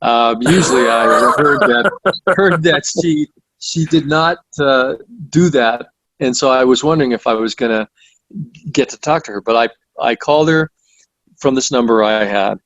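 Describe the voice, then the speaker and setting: A man's voice: medium pitch, moderate pace, a bit bright, no echo, rough recording. A man, the guest author, recounting stories in conversational interview style, with frequent restarts and fillers. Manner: storytelling with many restarts and fillers.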